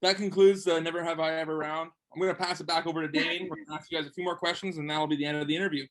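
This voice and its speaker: A man co-hosting a band interview, reading out game questions in a relaxed, casual way. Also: a little high, racing, poor audio. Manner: relaxed, reads questions aloud. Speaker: co-host running a drinking game round.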